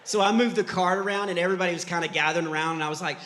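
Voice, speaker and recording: A middle-aged man from Texas doing clean stand-up, an animated storyteller who acts out the voices in his stories. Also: sits high, racing, few pauses. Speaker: stand-up comedian. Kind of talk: clean stand-up comedy with faith message. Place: church hall before a live audience. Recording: live church hall reverb.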